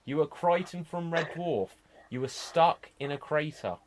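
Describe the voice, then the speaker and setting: A man's voice: a little high, unhurried, a little hiss or hum. Upbeat, jokey male show host. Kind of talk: online improv show hosting.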